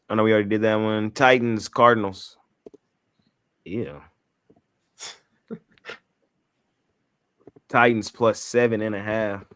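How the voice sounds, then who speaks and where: Male host, low-ish voice, relaxed slangy banter on sports picks. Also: smooth. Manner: laid-back slangy banter, laughs often. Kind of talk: casual sports betting chat.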